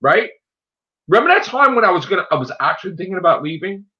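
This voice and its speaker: Animated high-voiced man ranting profanely. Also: fast. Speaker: host of an online show. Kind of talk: casual ranting chat. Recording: dull lo-fi sound.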